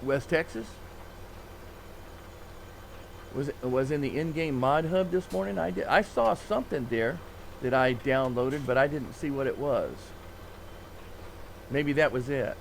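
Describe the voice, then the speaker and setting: A man's voice: medium pitch, normal speed, gravelly, slight background noise. A man streaming a farming game, chatting casually and rambling with fillers and chuckles. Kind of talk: casual live-stream chat.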